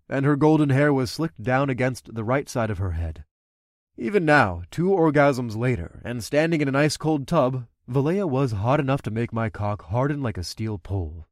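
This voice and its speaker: A man's voice: mid-range voice, no echo, studio quality. A man narrating an adult fantasy audiobook, doing the main character's dialogue himself.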